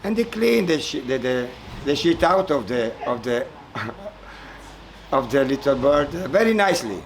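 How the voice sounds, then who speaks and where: Slow, halting male spiritual teacher. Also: mid-range voice, sing-song, a little hiss or hum, poor audio. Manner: halting, searching for words, many fillers and repeats; chuckles while telling the story. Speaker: spiritual teacher speaking at a retreat. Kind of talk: sermon with a folk story.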